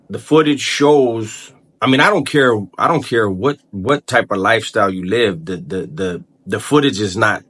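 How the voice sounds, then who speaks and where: A man speaks straight to his channel's viewers in a loose, unscripted way. His voice sits at an ordinary mid pitch for a man. He often stalls, repeats a word and starts over while he works through his thoughts. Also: fairly bright tone. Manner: halting, repeats words and restarts while thinking aloud. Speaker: channel host. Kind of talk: casual vlog commentary.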